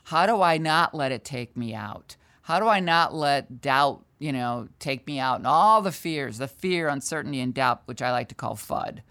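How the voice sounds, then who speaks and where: Older female sales trainer, low voice, candid and animated storyteller. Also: moderate pace, hardly any pauses. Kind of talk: storytelling in a conversational interview.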